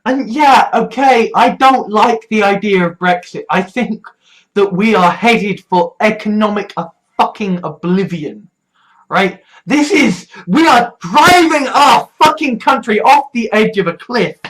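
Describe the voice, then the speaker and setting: British vlogger with a stuffy nose, slow drawn-out rant, lots of swearing, sarcastic and heated. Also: mid-range voice, animated, poor audio. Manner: swears freely, heated and sarcastic, rising to shouting. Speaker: political vlogger. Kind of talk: ranting political vlog.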